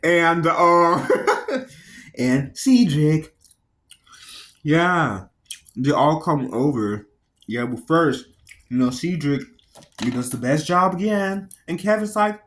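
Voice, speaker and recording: Giggly high-pitched man reviewing a film. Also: takes it slowly. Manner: giggly, laughs often between phrases; excitable, jumps between tangents. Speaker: movie reviewer. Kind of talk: casual rambling film review.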